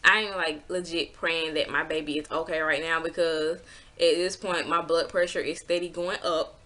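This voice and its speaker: In a casual vlog, a woman relays a personal story at moderate speed, clearly exasperated and animated, with plenty of swearing. When quoting people she acts them out, her pitch leaping up and down.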